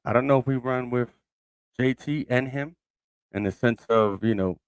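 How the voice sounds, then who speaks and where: A man's voice: mid-range voice, moderate pace, clean tone, no echo. Casual, dry-sounding male podcast host. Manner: loose and conversational, thinking aloud with frequent fillers. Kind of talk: casual solo sports commentary.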